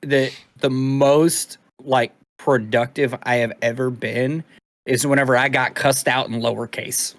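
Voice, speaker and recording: Young dude rambling on a podcast, mid voice, dry close mic, cusses a lot. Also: male voice, mid-range voice, a little slow, no echo. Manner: animated, rambling, swears casually. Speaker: podcast co-host. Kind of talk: casual chat.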